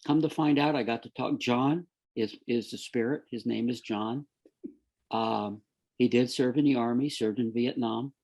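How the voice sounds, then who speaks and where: Gravelly middle-aged man telling a story. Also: medium pitch, normal speed. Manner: animated storyteller, acts out quoted voices. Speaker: guest sharing a near-death story. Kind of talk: conversational storytelling.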